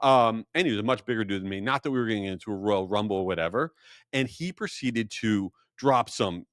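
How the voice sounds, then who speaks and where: Guy hosting a podcast, jumpy lively pitch, rambly and joking at himself, dry close sound. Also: a little fast, no room sound. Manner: animated, rambling and self-deprecating. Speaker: podcast host. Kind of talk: casual storytelling monologue.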